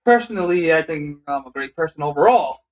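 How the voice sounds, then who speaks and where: A man's voice: a little high, animated, brisk, roomy sound, muffled recording. A man co-hosting a podcast in casual chat, brash, profane and joking. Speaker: podcast co-host.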